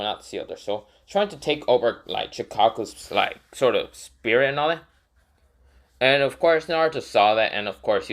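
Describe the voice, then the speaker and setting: A man casually narrating a made-up fan story, rambling and correcting himself often. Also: medium pitch. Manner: rambling, many fillers, self-correcting.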